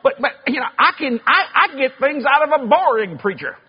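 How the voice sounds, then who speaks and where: Man, preacher, high voice, animated, folksy, shouting bursts, muffled recording. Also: a little fast. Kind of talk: sermon with comic storytelling.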